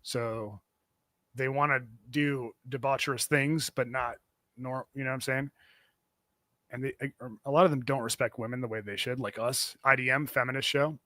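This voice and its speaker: A man's voice: mid-range voice, steady tone, moderate pace, bright, forceful tone, no room sound. Rambling man hosting a podcast. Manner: rambling, many fillers and restarts. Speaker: podcast host. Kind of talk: casual podcast banter.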